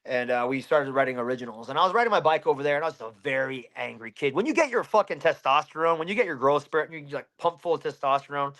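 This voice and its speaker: A man's voice: on the high side, expressive, quick pace, few pauses, fairly bright tone. A man in his thirties from Pennsylvania, a fighter telling a story in an interview, blunt and heavy with swearing.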